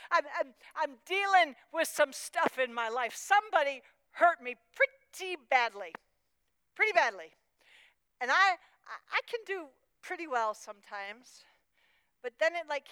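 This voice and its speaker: A woman preaching a sermon, moving between hushed, personal confession and impassioned outbursts. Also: on the high side, clear, resonant tone, no room sound, rough recording. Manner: emotional, swings from hushed to impassioned.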